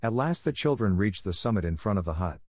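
Low guy reading a storybook, steady and measured, super dry recording. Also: husky, dry recording. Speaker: audiobook narrator. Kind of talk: scripted storybook narration.

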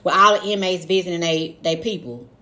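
A woman co-hosting a casual podcast, loud and playful, swearing freely and slipping into mock voices. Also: lowish voice, fairly quick. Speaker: podcast co-host. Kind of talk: casual chat.

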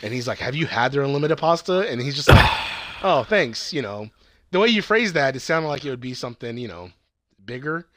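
Casual podcast co-host, man with a tense bright voice, excited rambling plot recap full of profanity. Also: mid-range voice, brisk, no room sound. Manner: excited, rambling, swears a lot, laughs at bits. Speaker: podcast co-host reviewing movies.

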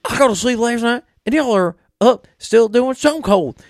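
Irritated Southern wrestler, impersonated by a man, high whiny drawl. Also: expressive, normal speed, no echo, studio quality. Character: grumpy Southern male wrestler kept awake, irritated.

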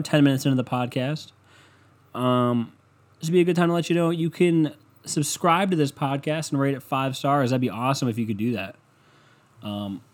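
This podcast host is a young man with a mid-range, slightly mellow voice. Alone on his casual show, he rants, swears heavily, makes fun of people and cracks himself up with his own jokes.

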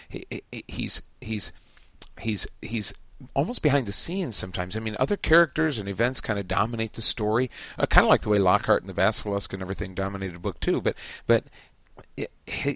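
Gravelly, emphatic male podcast host. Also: fairly low pitch, fairly bright tone, no echo. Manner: emphatic, halting with many restarts. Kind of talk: casual book discussion.

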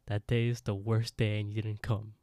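A man voicing a lonely ghost woman, speaking softly and reproachfully about a broken promise. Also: lowish voice, level tone, moderate pace, dry recording, clean studio sound, close to an everyday voice. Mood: mournful.

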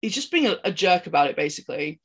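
Talking fast with a breathy edge, a fairly low-voiced woman swings widely in pitch as she rambles through a film's plot, stumbling over many ums and restarts. She co-hosts a podcast, comes from outside the United States, and the talk is a casual film recap.

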